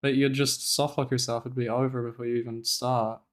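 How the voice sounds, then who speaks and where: Young male streamer, mid pitch, smooth clear voice, profane rambling commentary. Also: flat delivery, brisk. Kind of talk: casual livestream commentary.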